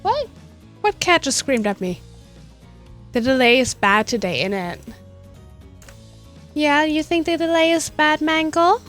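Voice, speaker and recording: A woman's voice: high voice, lively intonation, a little slow, long pauses, a bit bright, faint music behind. A woman streaming from her home desk, chatting playfully and slipping into baby talk with her cat. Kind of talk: casual live-stream chat.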